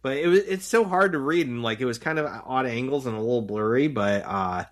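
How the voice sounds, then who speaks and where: A man's voice: medium pitch, brisk. A man co-hosting a casual rewatch podcast, recapping an episode in a chatty way with many fillers. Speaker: podcast co-host.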